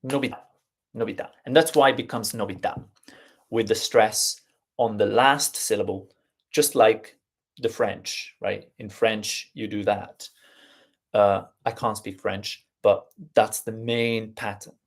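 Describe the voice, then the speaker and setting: A man's voice: on the low side, fairly even intonation. A man with an Italian accent, a native Italian speaker, teaching Italian pronunciation in a live stream and explaining patiently step by step. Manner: unhurried, explains step by step, repeats words slowly.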